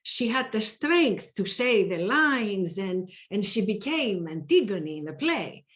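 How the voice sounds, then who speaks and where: A woman reading a theatre teacher's testimony in a measured, reflective manner for a verbatim theatre reading. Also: mid-range voice, big pitch swings, a bit bright. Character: woman theatre teacher recalling her students.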